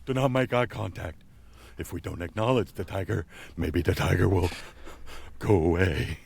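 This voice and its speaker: A man voicing a nervous, gloomy dog with a husky, gravelly voice, muttering anxiously. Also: sits low, normal speed, a little mellow, full character voice.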